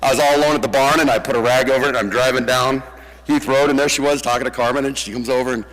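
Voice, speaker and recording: A man telling lively stories at a memorial, acting out the quoted voices. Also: mid-range voice, rapid-fire. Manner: animated storyteller, acts out the quoted voices. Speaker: eulogy speaker. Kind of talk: storytelling memorial tribute. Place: church sanctuary. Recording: long church reverb.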